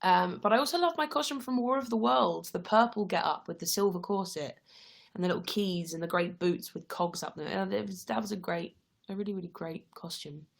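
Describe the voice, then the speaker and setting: A woman's voice: medium pitch, a little fast, gravelly. Tired young woman chatting on a livestream. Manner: chatty, friendly, tired late at night. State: tired, yawning. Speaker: livestream host. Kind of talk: casual live-stream chat answering viewer questions.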